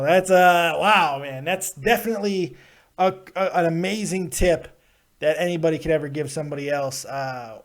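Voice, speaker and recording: A man hosting a live call-in show, talking in a loud, blunt and profane way and laughing often. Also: on the high side, normal speed. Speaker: host of a wrestling call-in show. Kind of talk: casual live call-in chat.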